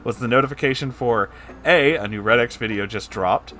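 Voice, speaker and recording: A man's voice: mid-range voice, moderate pace, sharp tone. A man reading a story aloud and breaking off for casual, sarcastic, profane asides. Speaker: story narrator.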